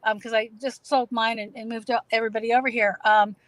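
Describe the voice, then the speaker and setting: Middle-aged woman, New England accent, chatty guest, slightly high voice. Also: little pitch movement, fast, fairly bright tone, no echo, poor audio. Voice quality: chatty, many fillers and restarts. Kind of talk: casual video chat.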